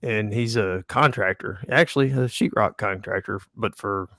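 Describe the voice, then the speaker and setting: A man's voice: fairly low pitch, moderate pace, gravelly, a bit bright. A man who works as a fishing guide, telling a wry story about a customer in an easygoing, chatty way. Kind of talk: casual storytelling chat.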